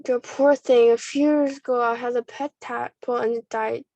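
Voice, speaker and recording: A woman's voice: on the high side, fairly even intonation, moderate pace, gravelly, no room sound. A woman voicing a big jolly, kind male shopkeeper in a storybook reading, fatherly and a bit muddled. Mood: kindly. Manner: warm, fatherly, a little muddled.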